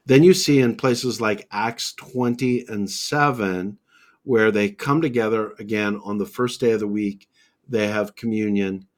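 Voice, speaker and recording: On a Bible podcast, a man with a fairly low voice teaches in a methodical yet conversational way, walking through his points one at a time and citing scripture along the way.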